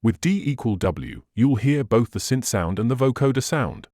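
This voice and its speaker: A man's voice: mid-range voice, animated, normal speed, noisy background. A man hosting a synthesizer tutorial, patiently walking through settings step by step with slightly non-native phrasing. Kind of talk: instructional screen walkthrough.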